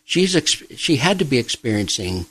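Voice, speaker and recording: A middle-aged man, a pastor and grief counselor, speaking softly and reflectively in an interview, pausing often. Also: medium pitch, very animated, breathy edge, rough recording. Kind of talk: personal testimony in an interview.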